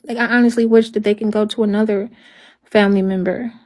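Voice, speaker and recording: A halting, despairing woman livestreaming. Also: mid-range voice, steady tone, a little mellow. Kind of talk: emotional livestream talk.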